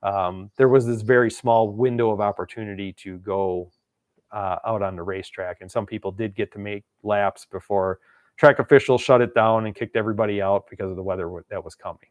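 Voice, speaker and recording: Telling a long, casual story on his channel, this Wisconsin man rambles, laughs often, and acts out quotes. His voice is fairly low and smooth, and the recording is dry and muffled.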